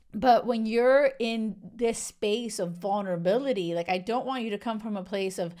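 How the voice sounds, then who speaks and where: A woman's voice: mid-range voice, moderate pace, hardly any pauses, darkish tone. A young woman hosting a solo podcast, talking in a casual, emphatic and outraged way, full of "like" and "you know". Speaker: podcast host.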